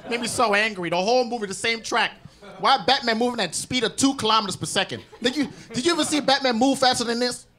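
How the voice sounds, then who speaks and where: A man from Nigeria doing improvised stand-up on a club stage, riffing on crowd shouts with mock anger. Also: very high-pitched, fast talker. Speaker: stand-up comedian. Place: comedy club stage with live audience. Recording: crowd laughter loud behind.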